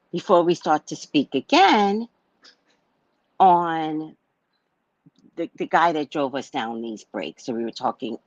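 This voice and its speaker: A woman's voice: very deep voice, no echo, dull audio. A woman telling a personal story in a casual monologue, blunt and swearing freely as she acts out a heated argument. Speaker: psychic reader sharing a personal story.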